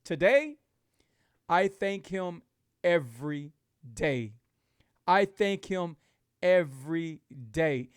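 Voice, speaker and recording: A man's voice: fairly high pitch, lively intonation, slow, pauses often, clean tone, no echo, clean studio sound. A middle-aged man, hosting a casual live talk for his viewers. He speaks with emphatic, repetitive, preachy encouragement. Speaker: host of a keto lifestyle show.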